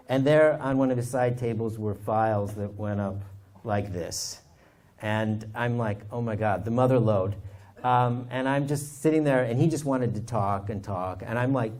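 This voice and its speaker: A man, an author and historian, telling stories from his research in a lively anecdotal way. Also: mid-range voice. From United States. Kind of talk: storytelling talk.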